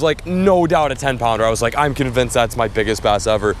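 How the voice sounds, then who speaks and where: A young man vlogging a fishing trip in casual chat, who gets loud and excited when fish bite. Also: medium pitch, a little fast, hardly any pauses, slight background noise. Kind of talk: casual vlog narration. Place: outdoors at city ponds, later in a car.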